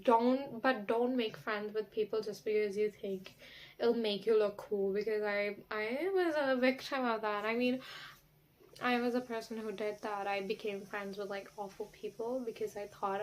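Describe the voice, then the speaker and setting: A woman's voice: fairly high pitch, fairly even intonation, measured pace. Sassy young woman vlogging, swearing freely. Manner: sassy, candid, swears freely, lots of fillers. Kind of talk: casual talking-to-camera vlog.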